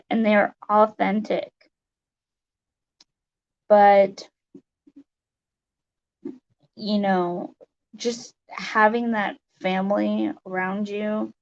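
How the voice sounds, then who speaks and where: Teary, slow-talking woman with gravelly voice. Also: mid-range voice, darkish tone, lo-fi sound. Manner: emotional, tearful, halting with many fillers. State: teary, sniffling. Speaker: livestream host. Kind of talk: casual livestream chat to viewers. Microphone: webcam mic.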